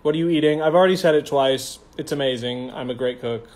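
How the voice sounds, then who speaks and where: A man's voice: on the high side, fast talker, darkish tone. A young man casually chatting on a phone livestream, reading comments aloud in a playful, campy, slangy way. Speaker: stage actor hosting a livestream.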